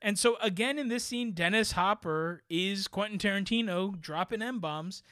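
A man with a fairly high voice talks through a film review in loose, animated podcast chat. He rambles, stacks up rhetorical questions and keeps checking in with "right?". The sound is dry and close, with no room around him. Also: normal speed, no echo. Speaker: podcast co-host. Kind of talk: casual movie review chat.

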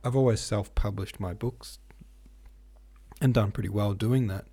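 Gravelly low-voiced man rambling. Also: steady tone, a little slow, mellow. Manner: rambling and hesitant, many fillers and restarts. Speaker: podcast host and novelist. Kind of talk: casual solo podcast chat.

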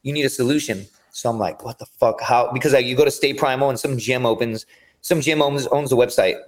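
A man's voice: medium pitch, fairly quick. A man talking as a podcast guest, telling long rambling stories with lots of swearing. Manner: rambling, profane storytelling. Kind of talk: casual chat.

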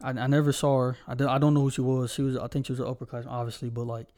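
A man's voice: mid-range voice, little pitch movement, very fast, darkish tone. A young man co-hosting a podcast, telling stories in a rambling casual way, full of fillers. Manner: rambling storytelling with many fillers. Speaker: podcast co-host. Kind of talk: casual chat.

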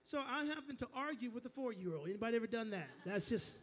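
High-voiced man preaching a sermon. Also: lively intonation, quick pace. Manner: storytelling with call-and-response to the congregation; frequent stammered restarts. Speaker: pastor.

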